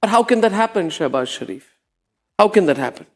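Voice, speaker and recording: A man hosts a TV news debate in a very high, strained voice. He drives a scornful, sarcastic monologue, pressing on with rhetorical questions. His voice carries a long hall reverb. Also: animated, brisk. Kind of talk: heated televised monologue.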